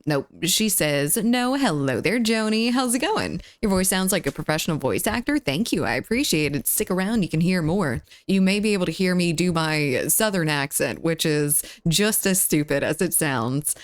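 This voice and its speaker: A young adult woman casually chatting on a live stream, greeting viewers and reading chat, her voice a little rough. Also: lowish voice, no echo, clean studio sound. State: slightly rough voice.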